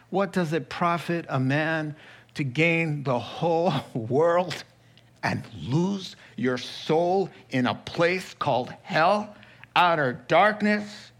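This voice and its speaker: A man preaching a sermon, telling a Bible story with lively acted-out quotes and asides. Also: on the high side. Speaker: pastor.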